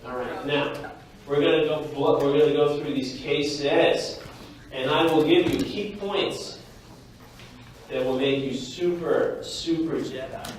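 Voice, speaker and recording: A man's voice: a little high, takes it slowly, distant mic, slight background noise. Man lecturing in an echoey hall. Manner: lively, jokey, addresses the class directly. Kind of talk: classroom lecture.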